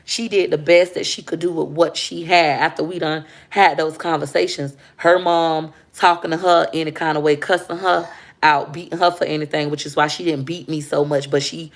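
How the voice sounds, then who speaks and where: A woman speaks candidly to her livestream viewers about motherhood. Her voice sits low with a gravelly fry. She talks with heartfelt openness and calls the audience y'all. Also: steady tone, moderate pace. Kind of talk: emotional personal storytelling on a livestream.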